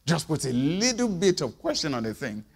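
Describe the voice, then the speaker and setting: A male preacher delivers his sermon in a fairly high voice that leaps up and drops low. He fires off rhetorical questions, bursting loud and then falling to quiet asides. His voice rings with the long reverb of a large hall. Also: very animated, normal speed, gravelly, slightly rough.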